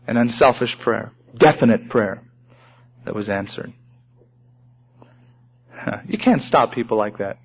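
A man preaching a sermon, animated, acting out sample prayers in raised voices. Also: medium pitch, a little slow, pauses often, slightly rough. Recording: dull lo-fi recording.

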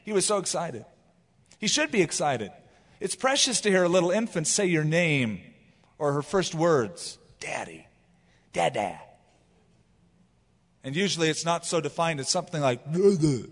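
A man's voice: a little high, normal speed, long reverb tail. A man preaching a sermon as pastor, telling stories and acting out quotes as he goes. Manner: animated storytelling with acted quotes.

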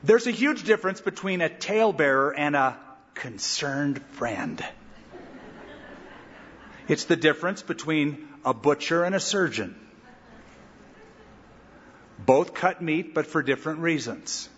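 A middle-aged man, a pastor, giving an animated verse-by-verse sermon with emphatic pauses, then leading a prayer. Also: a little high, husky. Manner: animated, emphatic preaching with dramatic pauses and asides. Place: large church sanctuary. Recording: dull lo-fi recording with long hall reverb.

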